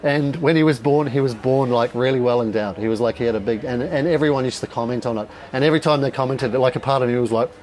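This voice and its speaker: A middle-aged man with an Australian accent, giving a raw, candid personal talk at a dinner event, swearing often and pausing with fillers. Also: medium pitch, darkish tone, rough recording.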